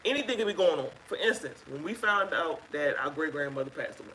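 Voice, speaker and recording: A woman sharing her own experience as a guest on a live chat, telling it in an emphatic, animated way. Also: low-pitched, fast, slight background noise, rough recording. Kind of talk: casual live-stream chat.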